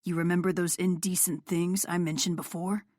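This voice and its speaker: A woman reading an audiobook, voicing a teasing young male rock star in a lowered, smirking voice. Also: level tone, moderate pace, a little mellow, dry recording, clean studio sound, natural voice.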